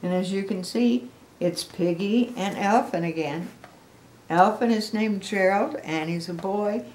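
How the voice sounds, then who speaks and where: A woman's voice: mid-range voice, measured pace, a little mellow, roomy sound, slight background noise. An older woman, a grandmother, reading a picture book aloud to children on video, chatty and asking them questions. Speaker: storybook reader.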